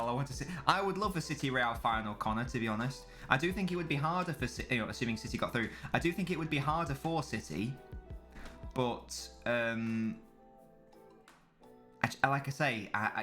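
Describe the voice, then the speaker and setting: A man's voice: mid-range voice, fairly bright tone. A man chatting casually as a live streamer during a football watchalong, rambling and swearing freely while answering chat.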